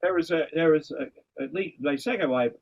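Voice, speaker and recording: A man's voice: on the high side, fairly quick, darkish tone, dull audio. Rambling man hosting a podcast. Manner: rambling, self-interrupting storyteller, swears casually. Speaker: podcast host. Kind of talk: casual chat.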